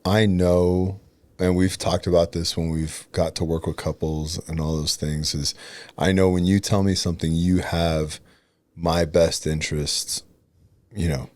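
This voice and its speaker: A man in his thirties with a very deep voice co-hosts a relaxed talk about marriage. His speech is hesitant and full of restarts, recorded dry and close in a studio. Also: unhurried, no room sound. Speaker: podcast co-host. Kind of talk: casual marriage chat.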